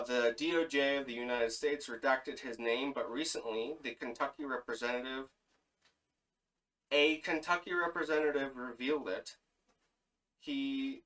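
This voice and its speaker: A man's voice: medium pitch, a bit bright, far from the mic, rough recording. A man co-hosting a casual podcast, reading through a list of names with fillers and self-corrections. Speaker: podcast co-host.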